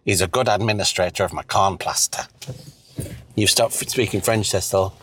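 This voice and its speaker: A man's voice: low-pitched, moderate pace, fairly bright tone, husky, voice pushed down. A man voicing an elderly, foul-mouthed, bossy wife who nags and mocks in a crude, sarcastic way. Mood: nagging.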